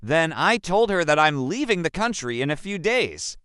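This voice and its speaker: A young man from Africa narrating a personal story in the first person, slow and emphatic. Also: fairly high pitch, sing-song, fairly bright tone, smooth, no room sound, studio quality. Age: young adult.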